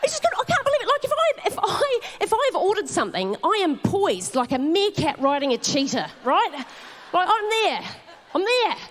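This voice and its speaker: A woman in her forties with a New Zealand accent, telling swearing, animated stand-up stories on a theatre stage. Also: extremely high pitch, moderate pace. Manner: animated storytelling with swearing and laughter. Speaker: stand-up comedian. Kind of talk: live stand-up set. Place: theatre stage before a live audience.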